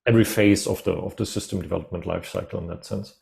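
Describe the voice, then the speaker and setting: A man's voice: deep voice, fairly even intonation, fast talker, gravelly, darkish tone. A man hosting a podcast interview, agreeing and framing questions with hesitant restarts. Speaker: podcast host.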